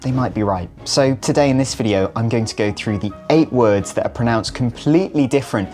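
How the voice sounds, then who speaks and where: A man's voice: mid-range voice, a little fast, darkish tone, soft background music. A young British man with a British English accent, a vlogger and actor talking to camera in a playful, self-mocking, overdramatic way. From United Kingdom. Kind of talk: scripted vlog to camera.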